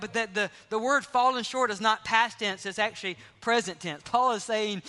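A man preaching as pastor, emphatic, often dropping to hushed tones for stress. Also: high-pitched, normal speed, hardly any pauses. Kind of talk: sermon. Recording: long hall reverb.

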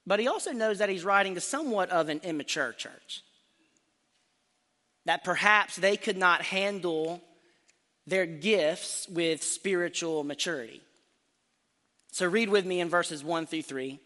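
A man preaching a sermon to a congregation, earnest and emphatic, slowing down to stress key phrases. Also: sits high, bright, forceful tone. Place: church sanctuary. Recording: church hall reverb.

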